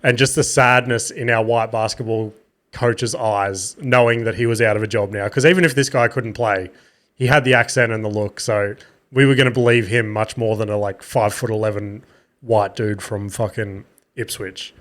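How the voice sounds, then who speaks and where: A man's voice: fairly low pitch, fairly even intonation, normal speed, fairly bright tone. A tired Australian man in his thirties telling rambling stories on his podcast, swearing casually and poking fun at himself. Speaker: podcast host. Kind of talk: casual solo storytelling.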